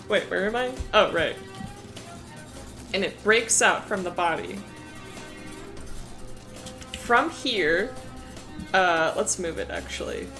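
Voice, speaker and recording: A woman's voice: fairly low pitch, big pitch swings, takes it slowly, pauses often, fairly bright tone, soft background music. A woman streaming casually, rambling about her worldbuilding with frequent laughter and swearing.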